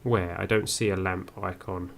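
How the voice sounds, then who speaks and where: A man's voice: low-pitched, fairly even intonation, moderate pace, vocal fry, a little hiss or hum. A man giving first-play game commentary, musing aloud and reading on-screen text as he goes. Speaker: game streamer.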